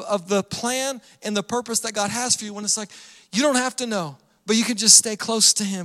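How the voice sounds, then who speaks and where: A man's voice: sits high, fairly bright tone, in a large hall. A man preaching a sermon as pastor, with an earnest, repetitive cadence.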